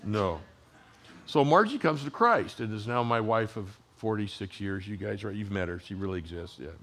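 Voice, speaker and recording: A man in his sixties, a pastor giving a sermon in a conversational storytelling way, his voice dropping to hushed tones and rising again. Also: fairly low pitch, expressive, normal speed. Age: 60s.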